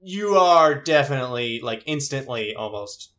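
A woman's voice: a bass voice, animated, normal speed, a bit bright. A woman narrating as game master in a loose, chatty way. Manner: loose, chatty, many fillers.

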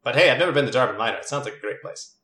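A man's voice: medium pitch, animated, racing, pushed and bright, a little hiss or hum. A man voicing an eager, sneaky young male cousin who rambles and restarts his sentences. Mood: curious. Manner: rambling, hesitant, full of restarts. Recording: roomy echo.

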